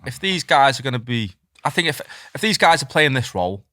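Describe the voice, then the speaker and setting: A man talks quickly and earnestly in casual podcast chat, often starting his sentences over as he thinks. His voice is bright and sharp. The sound is dry, with no room echo. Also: mid-range voice, sing-song.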